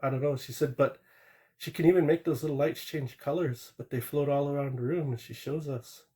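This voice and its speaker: A man's voice: fairly high pitch, fairly even intonation, fairly quick, mellow. A man calling into a live stream and telling a true ghost story in a rambling, plain-spoken way, with small restarts and asides. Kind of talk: casual storytelling.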